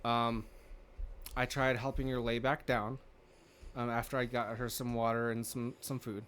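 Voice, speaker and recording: A man's voice: medium pitch, flat delivery, normal speed, a bit bright, slight background noise. A man hosting a podcast, telling a rambling story in casual chat, swearing freely and acting out what people said. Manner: rambling, swears freely, acts out quoted dialogue. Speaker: podcast host.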